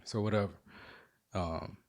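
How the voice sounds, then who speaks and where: Male podcast host with a slightly low voice, loose and profane storytelling from home. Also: a little slow. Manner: animated, profane, rambling. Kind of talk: casual storytelling monologue.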